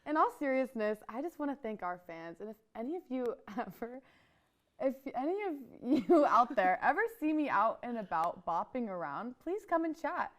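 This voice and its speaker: Casting: young woman co-host, giggly, playful, slightly high voice. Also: big pitch swings, moderate pace. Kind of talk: comedic college talk show banter.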